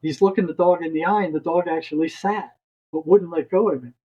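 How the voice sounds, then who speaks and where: Older male guest storyteller, husky voice, rambling restarts, muffled lo-fi audio. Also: fairly high pitch, fairly even intonation, a little fast, mellow. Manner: rambling, repeats words as he restarts. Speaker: guest, retired psychotherapist. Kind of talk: long storytelling anecdote.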